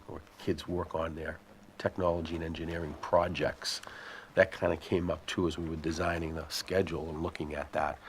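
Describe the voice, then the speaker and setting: Man, superintendent at a school committee meeting, explanatory, deep monotone voice. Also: a little hiss or hum. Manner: measured, explanatory, thinking aloud.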